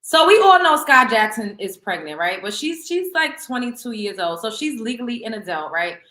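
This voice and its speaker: A woman hosts a gossip show with a bright, sharp voice pitched a little high. She talks bluntly and profanely and stumbles over repeated words. The room around her is echoey. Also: big pitch swings, moderate pace. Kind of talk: casual celebrity gossip commentary.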